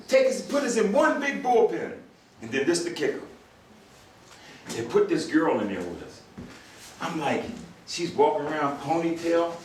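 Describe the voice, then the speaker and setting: The retired marshal, an older man, has a fairly high pitch here and is far from the mic, with slight background noise in an echoey hall. Animated before the audience, he acts out voices and laughs with the crowd.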